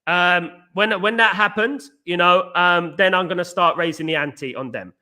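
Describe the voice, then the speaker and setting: Guy hosting a live chat, high bright voice, talks super fast and buzzing, keeps tripping over his words. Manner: talks fast and excitedly, many restarts, says mate. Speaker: show host reading viewer comments.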